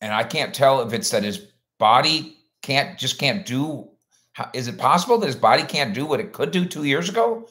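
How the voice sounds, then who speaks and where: A man's voice: mid-range voice, expressive, normal speed, pushed and bright. A man hosting a sports livestream in a rambling, folksy way, chatting casually and reading out viewer comments.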